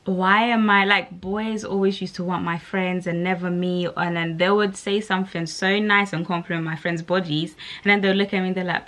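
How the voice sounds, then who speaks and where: A woman's voice: fairly low pitch, fairly even intonation, moderate pace, hardly any pauses, a bit bright. A young woman, talking candidly to camera in a casual, rambling way, full of "like". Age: young adult. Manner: candid, rambling, lots of "like" fillers. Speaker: vlogger.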